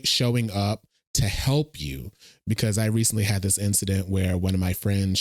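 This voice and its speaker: A man's voice: fairly low pitch, a little mellow, dry recording, clean studio sound. A man casually reacting to a movie trailer, thinking aloud and talking to his viewers. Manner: chatty, thinks aloud, addresses viewers as y'all.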